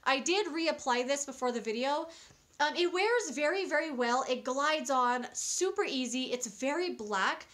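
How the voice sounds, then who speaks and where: A young woman with a high, light voice chats through a casual product review. She sounds enthusiastic and a little rambling, often restarting her sentences and adding fillers. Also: expressive, measured pace, a bit bright. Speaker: beauty vlogger.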